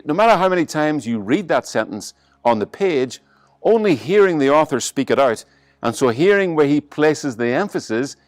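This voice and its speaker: An Irish man preaching a sermon, his voice sitting at an ordinary middle pitch. He leans on single words for emphasis and sometimes slows to a quiet hush. The sound is dry and close, with faint music underneath. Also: dry recording. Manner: varies emphasis and pace, slows to a soft hush on key lines. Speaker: pastor.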